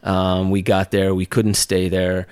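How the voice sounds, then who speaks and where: A man with a smooth, resonant voice sitting low in pitch recounts a personal story as an interview guest. His telling is loose and chatty, full of fillers and quick laughs. The sound is close and dry, with no room around it. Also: completely flat delivery, a little mellow, no echo. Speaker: podcast guest, documentary maker on a speaking tour.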